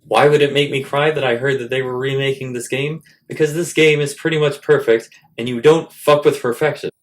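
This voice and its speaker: A male host delivers a comedic monologue in a middle-pitched voice, full of crude, self-mocking jokes. He swings between loud, punchy bursts and quiet, muttered asides. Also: steady tone, fairly quick.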